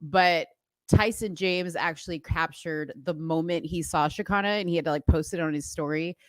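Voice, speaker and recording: A woman's voice: deep voice, normal speed, no echo, clean studio sound. A woman co-hosting a podcast, telling a story in a chatty, gushing way and saying "like" often. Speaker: podcast co-host. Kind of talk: casual chat.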